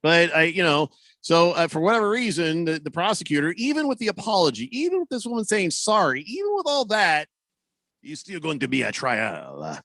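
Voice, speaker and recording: A man's voice: a little high, huge pitch swings, a little fast, a bit bright, no echo. A man hosting a sports radio show in casual, rambling talk, joking around with plenty of fillers on a studio microphone.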